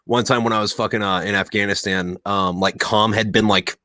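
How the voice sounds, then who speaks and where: A man's voice: lowish voice, fairly even intonation, fairly quick, bright, forceful tone, no room sound. A young man telling profane war stories in casual chat, rambling with lots of fillers. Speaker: podcast host.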